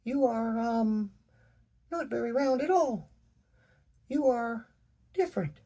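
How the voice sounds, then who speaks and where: A man's voice: slow, dark tone, exaggerated voice. A man doing sweet little girl rock Pebbles. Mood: innocent. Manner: high, wide-eyed and eager.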